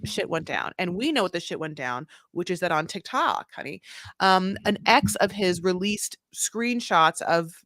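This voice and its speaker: A woman co-hosting a podcast, recapping a reality show in a sassy, profane, animated way. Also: lowish voice, normal speed, no room sound, clean studio sound. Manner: animated, profane, sassy storytelling with voiced quotes. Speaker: podcast co-host. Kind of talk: casual recap chat.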